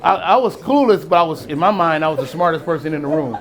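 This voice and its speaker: A middle-aged man from East Oakland telling a personal story in a casual, animated way, acting out the voices of people he quotes and chuckling often. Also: fairly high pitch, quick pace, crowd noise. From East Oakland, California. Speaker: storyteller and spirits brand founder.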